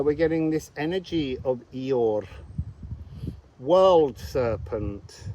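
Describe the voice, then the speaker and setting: A man's voice: mid-range voice, expressive, slow pace, warm tone, muffled recording, a little hiss or hum. A man giving a casual, meandering astrology and card reading outdoors, thinking aloud as he goes.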